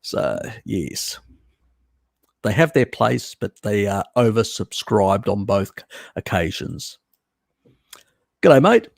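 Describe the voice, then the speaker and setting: Answering viewers' questions in an unscripted live Q&A, a male host speaks slowly in a fairly low, gravelly voice, recorded dry at studio quality. He rambles bluntly and casually, swearing and filling his talk with fillers and restarts.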